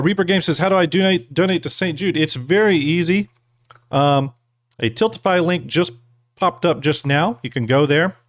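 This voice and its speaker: In clean studio quality with no room sound, a man with a mid-range voice hosts a live stream. He chats in a relaxed, rambling, slightly tipsy way, thanking donors and explaining giveaways between bites of jelly beans.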